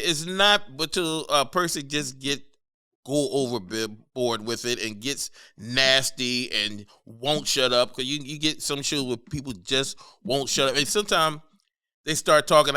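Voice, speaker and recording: A male stand-up comedian from the Philadelphia area telling road stories in a casual podcast chat. His voice is bright and crisp, recorded dry and close. He tells stories with animation and acts out the hecklers in them. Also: medium pitch, no echo. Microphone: podcast studio mic.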